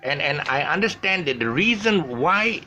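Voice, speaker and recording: A man's voice: on the high side, animated, normal speed, pushed and bright. An older man hosting his own online show, talking casually with lots of restarts and self-corrections, chuckling at his own slips. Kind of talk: casual talk to camera. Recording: faint background noise.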